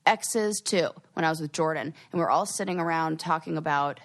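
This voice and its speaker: A woman's voice: deep voice, a little fast. Fired-up woman co-host in casual chat. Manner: animated, worked up, acts out quoted retorts. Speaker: podcast co-host.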